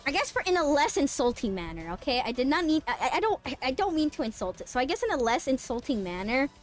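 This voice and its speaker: A young woman streamer chatting casually, rambling, sarcastic and quick to swear and laugh. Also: high voice, very animated, faint music behind. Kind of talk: casual live-stream chat.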